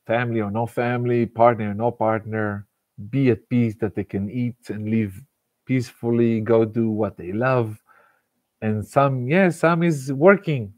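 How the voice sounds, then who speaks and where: A man, giving a casual, animated self-help talk and laughing often between thoughts. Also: lowish voice, dry recording, clean studio sound. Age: 40s. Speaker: motivational speaker.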